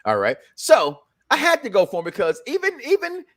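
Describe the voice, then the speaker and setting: A man's voice: extremely high pitch, wildly swooping pitch, fairly quick, few pauses, fairly bright tone. A man hosting a casual reality-show review chat, joking and rambling, often restarting his sentences. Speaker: podcast host.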